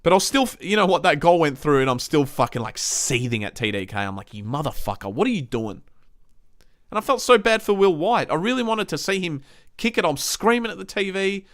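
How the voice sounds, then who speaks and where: Australian guy, host, fired-up sweary match rant, lively up-and-down pitch, fairly high voice. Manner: heated, sweary, exasperated ranting. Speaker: podcast host reviewing a football match. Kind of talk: casual ranting match review.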